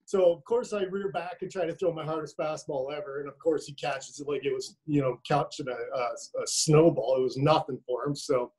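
A man recalls his pitching days on a video call in a relaxed tone, with plenty of fillers. His voice runs a little high. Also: normal speed, hardly any pauses, low-quality recording. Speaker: former pitcher, guest.

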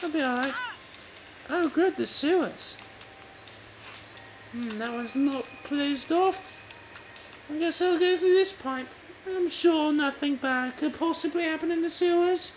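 A woman's voice: high voice, slow pace, pauses often. A woman giving casual let's play commentary, musing aloud and chatting to herself as she plays. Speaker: gameplay video host. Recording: noisy home recording.

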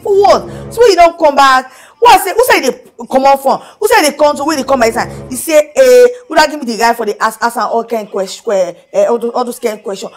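A woman's voice: fairly quick, hardly any pauses, natural voice. A woman with a Nigerian accent playing an aggrieved wife in a comic sketch, complaining in pidgin and flaring up in protest. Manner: indignant, complaining in pidgin, dropping to a low mutter. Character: indignant aggrieved young wife. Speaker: client in therapy.

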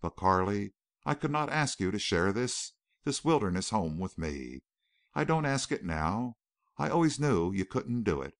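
A man playing a gentle, earnest young war veteran in an audiobook. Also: lowish voice, very animated, measured pace, no room sound, clean studio sound.

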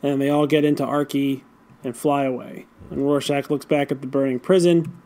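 A man's voice: mid-range voice, flat delivery, moderate pace, mellow. A man co-hosting a podcast, casually recapping a comic chapter and acting out the characters' lines with frequent laughs. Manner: retells scenes by acting out lines, laughing often. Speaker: podcast co-host.

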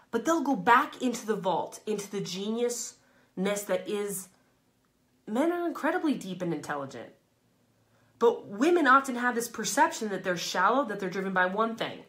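A woman in a mid-range voice hosts a live stream and talks straight to her viewers. She is emphatic and candid, swears freely and laughs between phrases. She swings between loud, pushed lines and soft, low asides. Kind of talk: casual motivational talk to a live audience.

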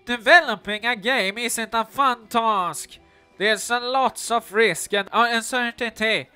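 A man's voice: very high voice, slow pace, pushed and bright, clear, resonant tone, soft background music, exaggerated voice. A man voicing a pinched-nose, nerdy gamer who plays a dinosaur diplomat in a video game. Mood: lecturing. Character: nasal nerdy young male dino diplomat player.

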